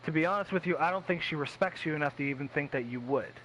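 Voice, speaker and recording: A man's voice: on the high side, quick pace, a bit bright, rough recording. A man streaming games, chatting casually in a blunt, profane way, full of fillers and repeated words. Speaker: gaming streamer. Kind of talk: casual chat.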